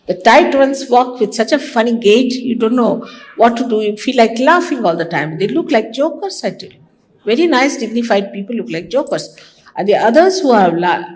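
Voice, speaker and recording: Speaking a little high and with a slightly mellow tone, an older spiritual teacher from India addresses her followers in a conversational devotional talk. She teases and imitates others along the way, captured in an archival recording.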